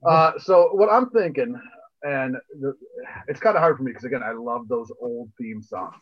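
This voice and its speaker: A man's voice: medium pitch, moderate pace, dull audio. A man co-hosting a podcast in casual chat, laid-back and repeating phrases while he thinks. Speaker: podcast co-host.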